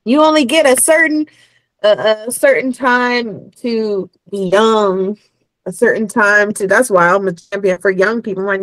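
A woman's voice: medium pitch, measured pace, no echo, rough recording. A woman with a Caribbean accent, a podcast guest telling a personal story in casual chat and acting out the dialogue. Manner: animated, acts out quoted dialogue. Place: Los Angeles.

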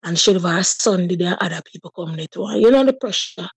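A woman's voice: lowish voice, lively intonation, fast talker, breathy edge, dry recording. A woman in her thirties with a Jamaican accent, telling her personal story with feeling in patois. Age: 30s. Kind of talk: personal testimony.

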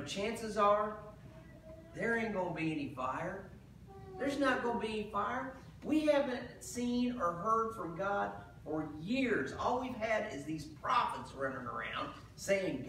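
A male pastor delivers an animated sermon, slipping into casual asides as he retells the story. His voice sits high for a man. The recording is heavily echoey, picked up from a distance in a church sanctuary. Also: slight background noise.

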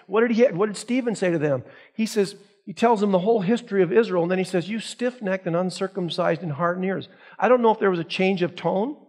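A man's voice: sits high, creaky. A man, a pastor, teaching an adult Sunday school class, asking the class questions and reading scripture aloud. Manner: asks the class rhetorical questions.

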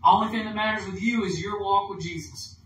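Conversational preacher in an echoey church. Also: male voice, high-pitched, fairly even intonation, a little fast, fairly bright tone. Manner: conversational preaching, acts out inner dialogue. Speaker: minister. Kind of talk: sermon. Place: church hall. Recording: echoey room, distant mic, background noise.

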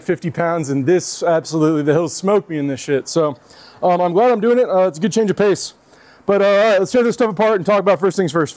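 A man's voice: sits high, darkish tone. A man on a casual gear review vlog, talking loosely and swearing freely, out of breath after a long ruck march, outdoors with a clip-on mic. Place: outdoors in his front yard.

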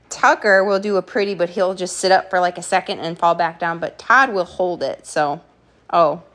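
A woman hosting a home live stream, playfully giving her dogs quick commands and thanking viewers, a bit out of breath. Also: medium pitch. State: slightly out of breath. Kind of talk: live stream chat while training dogs.

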